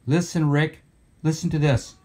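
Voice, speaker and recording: A man's voice: a little high, steady tone, normal speed, mellow. Sarcastic man ranting to his camera. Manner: sarcastic, mock-bitter rants. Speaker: guitar builder. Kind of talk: sarcastic workshop vlog. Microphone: handheld camera mic.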